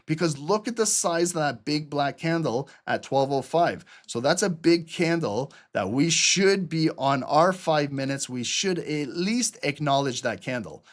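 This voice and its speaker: Male trading streamer, slightly higher voice, casual and energetic. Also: unhurried, few pauses. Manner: casual, energetic, talks to viewers as guys. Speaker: trading channel host. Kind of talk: live chart analysis.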